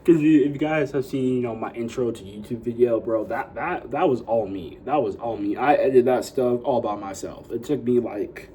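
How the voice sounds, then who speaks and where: A young man talks straight to his viewers in a loose, rambling vlog, leaning on fillers as he hypes them up. His voice sits mid-range with a relaxed, mellow tone. A faint hiss of noise sits behind him. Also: medium pitch, normal speed, hardly any pauses, poor audio. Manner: rambling, full of "you know" and "like" fillers; upbeat hype talk to viewers. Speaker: YouTuber. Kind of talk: casual vlog chat.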